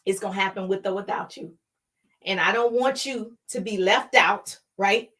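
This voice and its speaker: A woman's voice: medium pitch, moderate pace, a bit bright, distant mic. A middle-aged woman giving an emphatic motivational talk on a live stream, repeating her key lines and calling out to the chat. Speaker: motivational speaker, home-business coach.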